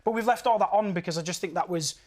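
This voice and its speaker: A man in his thirties with a Yorkshire accent, a singer telling stories as an interview guest, lively and laughing often, restarting his sentences. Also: sits high, racing. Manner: animated, laughs often, repeats words as he restarts. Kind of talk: casual interview chat.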